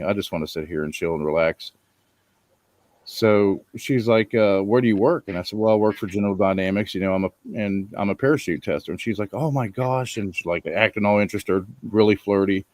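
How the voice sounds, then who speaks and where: A man's voice: low voice, a little mellow, dry recording. A man in his thirties hosting a casual chat, telling a long rambling story with lots of ums. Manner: laid-back rambling storyteller, frequent ums. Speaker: podcast host.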